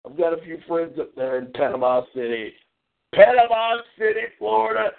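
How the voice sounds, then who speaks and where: A high-voiced man hosts a call-in talk show and rants in exasperation, his pitch jumping up and dropping low. The sound is thin and tinny, like a phone line. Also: animated, moderate pace, creaky.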